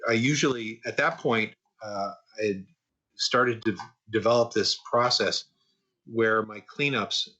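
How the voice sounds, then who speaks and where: A man's voice: lowish voice, a little slow, lo-fi sound. A man in his sixties, a guest animation artist, casually telling stories from his career in a podcast interview with frequent fillers and repeats. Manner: relaxed anecdotal, frequent "uh" and repeats.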